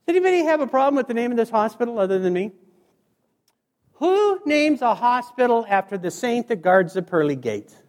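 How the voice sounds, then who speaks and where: A man from Montana with a high voice delivers a joking motivational speech to a live crowd. He is middle-aged and tells stories with sound effects and quick asides. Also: sing-song, a little mellow. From Montana, USA. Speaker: motivational speaker. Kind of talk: humorous keynote speech. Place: stage before a live audience.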